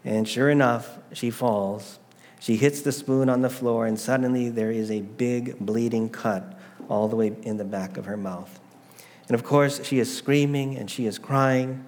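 A man's voice: mid-range voice, fairly even intonation, measured pace, darkish tone. Earnest male pastor in a reverberant hall. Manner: earnest storytelling with rhetorical questions. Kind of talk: sermon.

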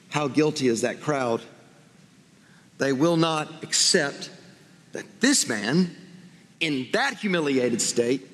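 A man's voice: on the high side, a bit bright. A man preaching a sermon as pastor, earnest and full of rhetorical questions. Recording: long hall reverb.

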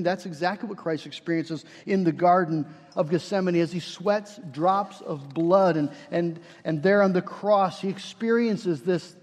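A man's voice: sits high, big-room sound. A man preaching a sermon, earnest and building to fervent emphasis, often restarting his phrases.

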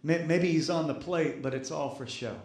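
High-voiced pastor preaching in an echoey sanctuary. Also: male voice, moderate pace, darkish tone. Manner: preaching with call-and-response to the congregation; repeats key phrases for emphasis. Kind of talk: sermon. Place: church sanctuary.

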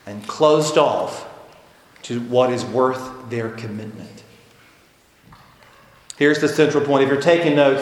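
Repetitive preaching man, echoey church. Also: mid-range voice. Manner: emphatic, repeats key phrases for stress. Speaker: pastor. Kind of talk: sermon. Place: church sanctuary. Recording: echoey church hall with faint noise.

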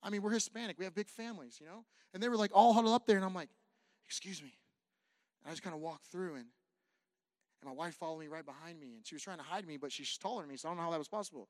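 A man from California preaching as a pastor, telling a personal story in an animated way that swings from hushed to loud, with jokes for the congregation. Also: on the high side, racing, no room sound, studio quality. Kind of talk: sermon storytelling.

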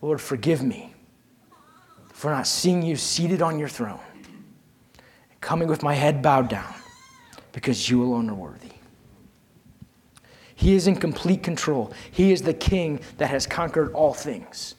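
A husky, fairly high-pitched male preacher delivering a sermon. He tells personal stories, drops low and quiet, then builds to raised, emphatic calls for the congregation to answer back. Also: animated, unhurried, long pauses.

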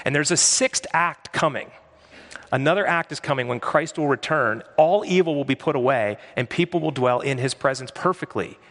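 A man's voice: mid-range voice, moderate pace, a bit bright. A man preaching a sermon as pastor, earnest and emphatic, often repeating his key phrases. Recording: long hall reverb.

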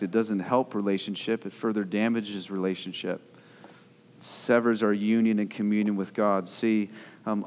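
A young man preaching a sermon as pastor, in a conversational way with repeated words, building to earnest intensity. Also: medium pitch. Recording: long hall reverb.

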